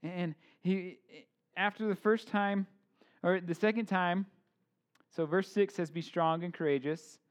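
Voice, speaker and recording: A man in his thirties gives a relaxed, conversational sermon in a slightly high voice. He talks informally, slipping in jokes and asides, and restarts his sentences often. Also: measured pace. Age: 30s. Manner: informal, joking asides, many fillers and restarts. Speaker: pastor.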